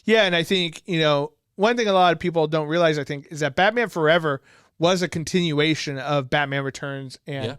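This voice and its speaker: Lively, clear-voiced podcast host, male. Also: fairly high pitch, a little fast, dry recording, clean studio sound. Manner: laughs often, enthusiastic and chatty. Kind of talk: casual chat.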